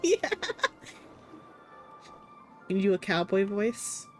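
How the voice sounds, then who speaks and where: A woman's voice: medium pitch, animated, slow pace, darkish tone, soft background music. A woman live-streaming a game, chatting casually and laughing often. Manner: giggly, laughs often between remarks.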